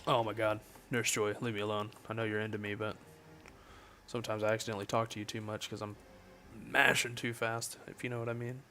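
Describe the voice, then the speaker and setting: A man's voice: fairly low pitch, flat delivery, fairly quick, pushed and bright. Chatty young man streaming a game. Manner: chatty, jokey, reads chat aloud. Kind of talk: casual livestream chat while gaming.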